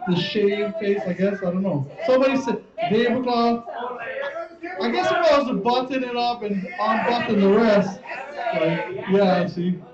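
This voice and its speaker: This stand-up comedian has a high voice and keeps a measured pace while he rambles, curses and plays out what other people said. It's a live-show recording from a stage before an audience, distant, roomy and muffled, crowd included.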